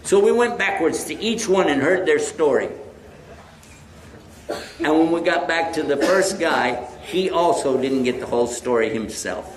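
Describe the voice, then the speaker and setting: A man's voice: on the high side, lively intonation, a little slow. A man preaching to a live audience, telling a story and acting out both sides of the conversation. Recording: echoey hall with faint noise.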